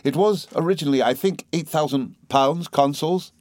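An earnest, eager young lawyer explaining matters with brisk energy, as a male reader puts him on. The voice is lifted a little above his own and sounds close and dry. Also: fairly high pitch, darkish tone, no room sound, pitched above the performer's own voice, close to an everyday voice.

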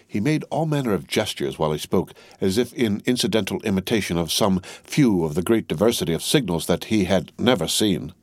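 Low-voiced man reading an audiobook. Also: animated, a little fast, few pauses, dry recording. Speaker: audiobook narrator. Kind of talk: scripted narration.

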